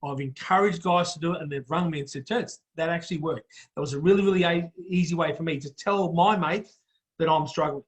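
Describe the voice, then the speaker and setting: A man's voice: a little high, fast talker. An Australian man hosting a casual podcast chat, blunt and blokey, calling everyone mate. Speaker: host.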